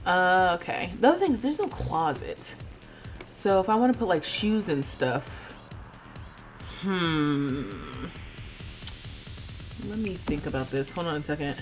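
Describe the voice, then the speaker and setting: A woman in her thirties chatting casually on a livestream while she plays, laughing often and thinking out loud. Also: on the low side, expressive, measured pace, long pauses, faint music behind. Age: 30s. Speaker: streamer.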